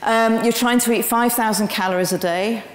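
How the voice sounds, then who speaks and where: A woman's voice: on the high side, normal speed. Woman telling a lecture story. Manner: animated storytelling with frequent ums. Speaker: guest speaker. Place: lecture hall. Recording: roomy hall with long reverb.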